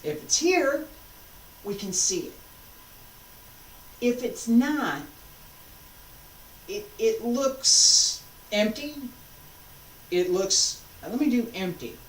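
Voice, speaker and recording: A woman's voice: on the high side, animated, extremely slow, long pauses. A woman martial arts instructor talking a class through moves, patiently cueing each step as she demonstrates. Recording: roomy sound, mic far off.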